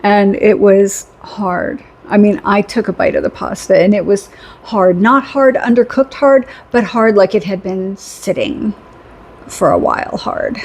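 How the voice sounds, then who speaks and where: A middle-aged woman with a husky, slightly breathy voice tells a story in a rambling, chatty vlog. She laughs often and leans on repeated phrases for emphasis. Her pitch sits in an ordinary middle range. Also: measured pace, darkish tone. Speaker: vlogger. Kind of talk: casual storytelling.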